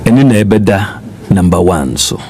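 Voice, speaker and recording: A man's voice: deep voice, sing-song, measured pace, darkish tone, a little hiss or hum. A middle-aged man with a Ghanaian accent, speaking as a politician guest in a radio interview, emphatic and repeating his points while mixing in Twi.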